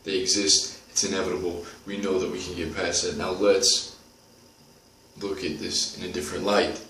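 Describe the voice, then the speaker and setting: A man's voice: deep voice, a bit bright, recorded from a distance. Motivational host: earnest man, direct and repetitive, roomy sound with faint background noise. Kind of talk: motivational monologue.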